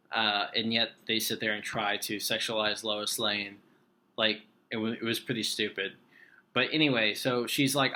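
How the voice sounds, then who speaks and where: Rambling man reviewing a film. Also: medium pitch. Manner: rambling, excitable. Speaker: movie reviewer. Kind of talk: casual film review vlog.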